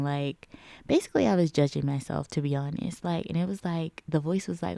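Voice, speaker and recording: A woman's voice: low-pitched, normal speed, creaky, dark tone, dry recording. A woman in a casual reflective vlog chat, rambling with lots of filler words. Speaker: vlogger.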